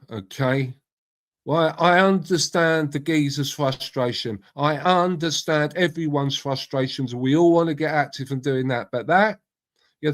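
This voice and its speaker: Chatty middle-aged man streaming. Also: fairly high pitch. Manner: chatty, rambling, swears freely, greets viewers by name. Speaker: livestream host. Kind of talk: casual live-stream chat reading out comments.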